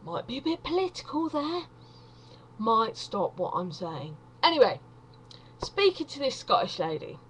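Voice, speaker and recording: Woman from England, slightly high voice, unhurried, rambling self-deprecating stand-up. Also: sing-song, a little hiss or hum, poor audio. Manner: chatty, self-deprecating, wandering asides. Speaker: vlogger doing stand-up.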